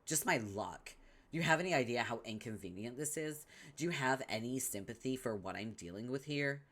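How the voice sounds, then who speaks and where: A man's voice: mid-range voice, expressive, fairly quick, fairly bright tone. Vriska, a man voicing a sneering bully troll girl. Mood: scolding. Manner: sneering, scolding, domineering. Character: bossy scheming young troll girl, cruel. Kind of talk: comic read-along voice acting.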